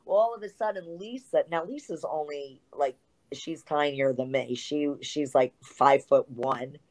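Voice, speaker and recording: A middle-aged woman, a former wrestler, telling a lively anecdote as an interview guest, full of asides and fillers. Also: low voice, measured pace. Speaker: guest, retired pro wrestler. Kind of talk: storytelling in an interview.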